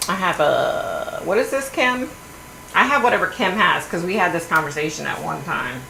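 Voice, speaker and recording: A middle-aged woman hosting a livestream, chatting in a blunt, animated way and swearing now and then. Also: lowish voice, moderate pace, vocal fry. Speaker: livestream host. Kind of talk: casual gossipy chat. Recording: echoey room, faint hum.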